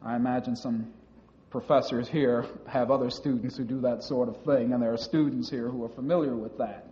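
A man giving a public talk about his time as a university student, telling stories in a measured way with some hesitant restarts. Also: mid-range voice, steady tone, dark tone, a little hiss or hum. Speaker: former university student recounting experiences. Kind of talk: public speech recounting personal experiences. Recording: dull lo-fi recording in a reverberant hall.

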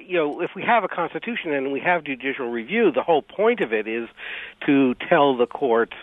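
A man being interviewed on radio as a legal scholar, speaking haltingly with many fillers and restarts. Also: medium pitch, very animated, dry recording. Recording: dry, phone-like radio line.

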